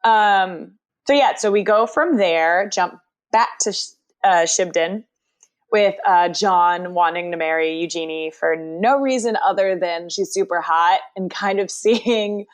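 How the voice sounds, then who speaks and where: A woman's voice: on the low side, unhurried. A woman co-hosting a podcast who recaps TV episodes in casual chat and acts out quotes from the scenes. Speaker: podcast co-host.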